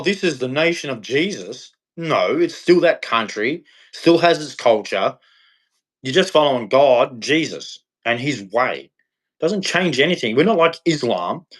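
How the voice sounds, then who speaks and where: A man's voice: mid-range voice, animated, measured pace. An Australian man ranting on a livestream in a blunt, scolding, preachy way. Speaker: livestream host. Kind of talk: livestream rant.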